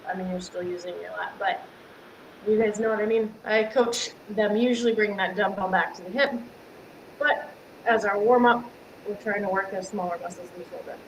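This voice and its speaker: A woman's voice: mid-range voice, steady tone, normal speed, lo-fi sound, a little hiss or hum. Upbeat woman fitness coach, live stream. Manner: upbeat, chatty, answers viewers by name, laughs often. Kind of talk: live-stream workout instruction. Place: home workout space. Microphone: camera mic at home.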